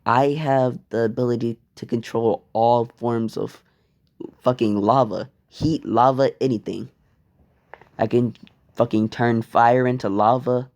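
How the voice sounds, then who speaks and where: Man doing a bragging teen hero, casual, swears, mellow tone. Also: medium pitch, steady tone, unhurried, lightly acted. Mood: boastful. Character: cocky teen boy hero with lava powers.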